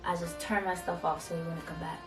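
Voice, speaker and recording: Animated young woman telling a story. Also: on the low side, a little fast. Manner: animated, acts out both sides of the argument. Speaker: vlogger. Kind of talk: casual storytime. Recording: echoey room, mic at a distance, faint music.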